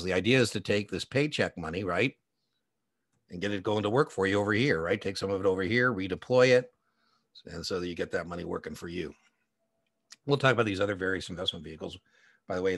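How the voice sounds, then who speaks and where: A man's voice: low voice, fairly bright tone, no echo, studio quality. A man teaching an exam prep lecture in a chatty, digressive way, full of personal anecdotes and asides. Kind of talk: conversational recorded lecture.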